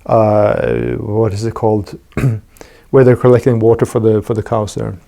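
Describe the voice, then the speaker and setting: A man's voice: fairly low pitch, flat delivery, measured pace, vocal fry, dark tone. A man hosting a podcast interview, talking casually and thinking aloud with frequent restarts and fillers. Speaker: podcast host.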